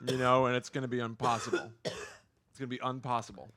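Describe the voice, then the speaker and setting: A man's voice: mid-range voice, flat delivery, moderate pace, a bit bright, no echo. A man co-hosting a podcast, joking dryly while commenting on movie trailers. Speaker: podcast co-host. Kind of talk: casual banter reviewing trailers.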